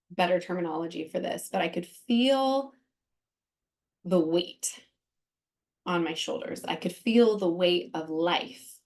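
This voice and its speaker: A woman's voice: fairly low pitch, darkish tone. A woman hosting a podcast, talking candidly and earnestly about her own experience, with frequent fillers and restarts. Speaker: podcast host. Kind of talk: candid personal talk.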